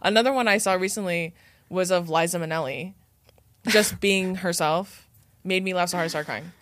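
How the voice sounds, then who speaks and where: A young woman hosting a podcast, telling stories in emphatic, animated casual chat with lots of filler words. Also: fairly low pitch, normal speed, dry recording. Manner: animated, emphatic storyteller, heavy filler use. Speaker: podcast host.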